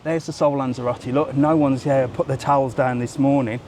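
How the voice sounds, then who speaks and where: A man's voice: mid-range voice, fairly even intonation, brisk, darkish tone, a little hiss or hum. A middle-aged man from England hosting a casual live stream as he walks outdoors, talking chattily, swearing freely and teasing passers-by. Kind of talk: casual live walkabout chat. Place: outdoors by a seafront road and beach.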